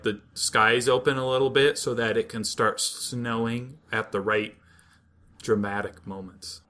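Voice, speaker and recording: Bright-voiced man recapping animatedly. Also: mid-range voice. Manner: rambling, animated storyteller who laughs often. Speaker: podcast host. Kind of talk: casual chat recapping anime.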